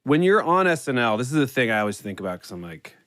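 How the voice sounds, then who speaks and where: A man's voice: medium pitch, big pitch swings, fast, a bit bright, dry recording, studio quality. A man in his forties, a podcast guest telling rambling, self-deprecating stories in casual chat.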